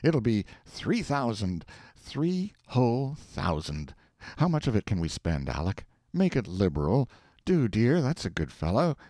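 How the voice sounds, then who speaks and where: A man reading aloud, voicing an excitable husband who talks in an eager, folksy, impatient way. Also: fairly low pitch, unhurried, dry recording, studio quality, pitched above the performer's own voice, heavily acted.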